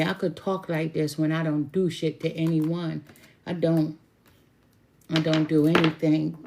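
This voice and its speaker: A middle-aged woman tarot reader with a low, gravelly, warm voice chats casually and bluntly with viewers about spiritual matters, tossing in laughing asides.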